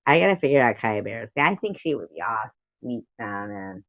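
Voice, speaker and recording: A woman's voice: extremely low pitch, sing-song, fairly quick, no echo. Rambling American woman on a lo-fi livestream. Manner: rambling, giggly, reads out viewer comments. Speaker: livestream host. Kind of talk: casual livestream chat. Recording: dull lo-fi stream audio.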